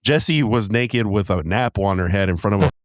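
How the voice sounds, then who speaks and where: A man's voice: on the low side, moderate pace, no echo, clean studio sound. A man hosting a casual podcast, joking around and steering the talk. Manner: lively, joking, loose. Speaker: podcast host.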